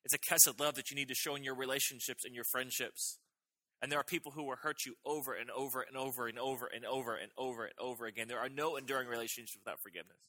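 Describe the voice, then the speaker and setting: In rapid-fire delivery, a middle-aged pastor with a pushed, bright mid-range voice and fairly even intonation preaches emphatically. He repeats his main points over and over, intensifying on the key phrases.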